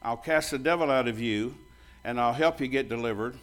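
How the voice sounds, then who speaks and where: An older male pastor delivers a sermon in a mid-range voice at a fairly quick clip. He tells stories bluntly, playing both sides of each conversation himself, and turns loud and bold when he jokes with the congregation.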